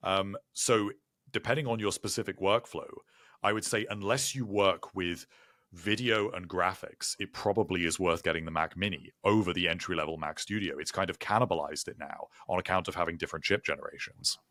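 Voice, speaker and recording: A man co-hosting a tech podcast, explaining things in a measured, informative way. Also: deep voice, fairly bright tone, no echo, studio quality. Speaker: podcast co-host. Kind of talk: casual tech chat.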